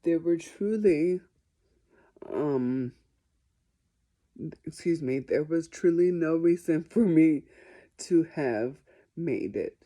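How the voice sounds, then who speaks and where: Slow, deep-toned woman chatting. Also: lively intonation, dark tone. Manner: chatty and self-deprecating, often apologizing. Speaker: musician answering viewer questions. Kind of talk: casual question-and-answer vlog.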